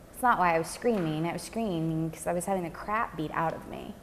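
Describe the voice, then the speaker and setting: A woman recounting her own experience in a documentary interview, speaking in a soft, reflective way with casual fillers. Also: lowish voice, fairly quick, hardly any pauses, a little hiss or hum. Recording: long hall reverb.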